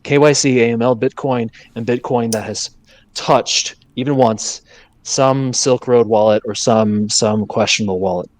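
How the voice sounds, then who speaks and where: Man co-host, animated and emphatic, casual podcast talk, dry close mic. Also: mid-range voice, unhurried, no room sound. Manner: animated, emphatic, stammering restarts. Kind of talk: casual crypto discussion.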